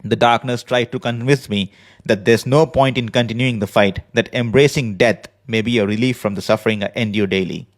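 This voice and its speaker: A man hosting a podcast, speaking in an earnest, measured personal monologue from a prepared script. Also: mid-range voice, fairly even intonation. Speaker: podcast host. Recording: podcast voice recording.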